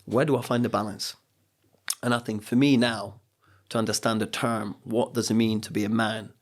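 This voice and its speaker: A man's voice: fairly low pitch, little pitch movement, normal speed. A middle-aged man, a coach and speaker, telling personal stories on a podcast in an earnest, motivational way. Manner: earnest, motivational, acts out quotes. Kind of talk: reflective podcast storytelling.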